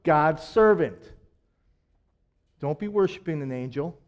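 A man's voice: medium pitch, normal speed, darkish tone. A man preaching a sermon in a conversational way, with self-deprecating jokes and emphatic repetition.

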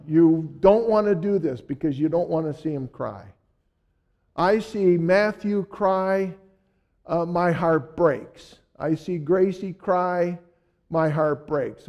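A man's voice: a little high, a little mellow, highs cut off. An older man preaching through a rambling family story, chuckling often as he goes. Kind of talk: storytelling sermon.

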